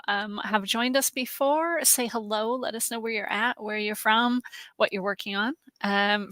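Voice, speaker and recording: Woman live-stream host, bright voice, chatty, lots of ums, dry close sound. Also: mid-range voice, no echo. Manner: friendly and chatty, many "um"s, greets viewers by name. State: emotional, close to tears. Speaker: host, genealogy research specialist.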